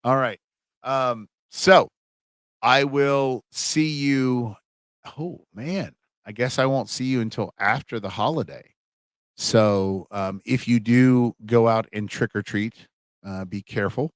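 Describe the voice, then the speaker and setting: A man in middle age talks through the end of an online class, rambling and chatty, with plenty of fillers and restarts. His voice sits low. The sound is dry and close to the microphone. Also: a little slow, no echo. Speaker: college humanities instructor. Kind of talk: casual livestream class wrap-up.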